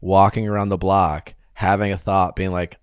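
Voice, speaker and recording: Low-voiced man hosting a chat. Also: flat delivery, moderate pace, clear, resonant tone, no echo, clean studio sound. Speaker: podcast host. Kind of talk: casual chat.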